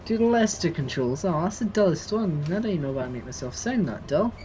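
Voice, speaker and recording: While playing a building game on a live stream, this streamer casually reads and replies to viewers in chat. The medium-pitched voice is fast, mellow, and sing-song, on a muffled recording with soft music behind.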